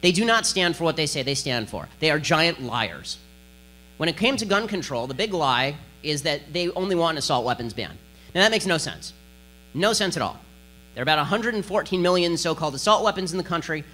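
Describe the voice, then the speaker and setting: Man, fast-talking sarcastic lecturer with a slightly high, sharp voice and a faint mains hum. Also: expressive. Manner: rapid-fire, combative and sarcastic. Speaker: political speaker giving a lecture. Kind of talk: speech to an audience.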